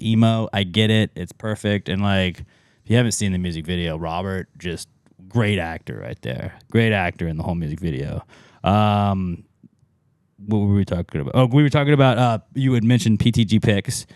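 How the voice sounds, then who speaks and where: A man's voice: sits low, darkish tone, clean tone, no room sound, clean studio sound. A man co-hosting a podcast in rambling, laid-back casual banter. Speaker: podcast co-host.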